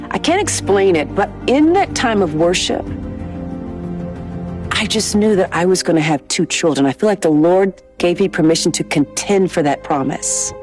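Woman, interviewee, earnest reflective testimony, soft music underneath. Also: low voice, lively intonation, moderate pace. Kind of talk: emotional personal testimony.

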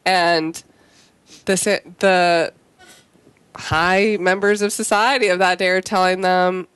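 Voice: medium pitch, fairly even intonation, slow, pauses often, a bit bright, clear, resonant tone, no room sound. A co-host on a Christian talk show who talks eagerly, agrees often and speeds up when retelling stories.

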